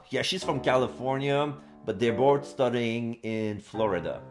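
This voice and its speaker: A male streamer chatting casually with viewers on a live stream, halting with many fillers and quick bursts of excitement. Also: medium pitch, soft background music.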